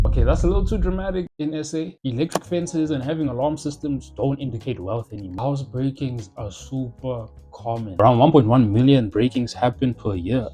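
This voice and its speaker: A young South African man telling stories in a comedic monologue, animated and full of slang and loud jokes. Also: medium pitch. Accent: South African English. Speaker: comedy YouTuber.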